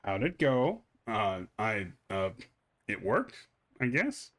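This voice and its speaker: A man playing a video game, reading its text aloud with amused, animated commentary. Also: fairly low pitch, slow pace. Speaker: gamer playing a game on stream. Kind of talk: let's play commentary.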